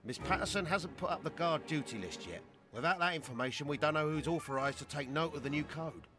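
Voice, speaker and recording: A businesslike male chief warden, voiced by a man in a video game. He talks quickly and to the point. Clear music runs underneath. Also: fairly high pitch, natural voice. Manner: businesslike and hurried.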